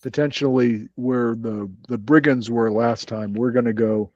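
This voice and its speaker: A man's voice: mid-range voice, steady tone, measured pace, darkish tone, dry recording. Laid-back guy player, muffled lo-fi call audio, dry. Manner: easygoing, asks questions in character. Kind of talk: tabletop game chat.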